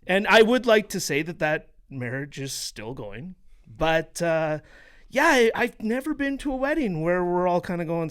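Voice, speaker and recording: Canadian guy, bright voice bouncing all over, dry sarcastic jokes. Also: high voice, big pitch swings, normal speed, clean tone. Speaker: podcast guest. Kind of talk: casual chat among friends.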